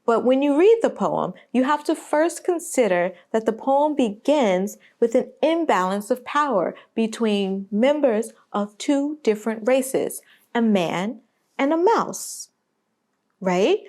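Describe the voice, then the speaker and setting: A woman argues her point in a video essay, emphatic and sarcastic, fond of rhetorical questions. Her fairly high voice leaps and dips with lively expression. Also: slow. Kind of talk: animated video essay commentary.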